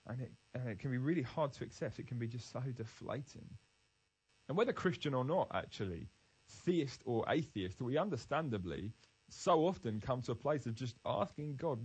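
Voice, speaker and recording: A man's voice: mid-range voice, lively intonation, brisk, a little mellow, poor audio. A man giving an earnest, emphatic devotional Bible talk, restarting phrases as he goes. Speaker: Christian speaker.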